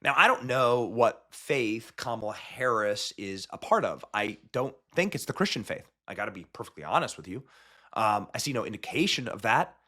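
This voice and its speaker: Male host, bright forceful voice, sarcastic emphatic commentary. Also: medium pitch, lively intonation, normal speed. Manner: mocking, emphatic ranting. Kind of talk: political commentary.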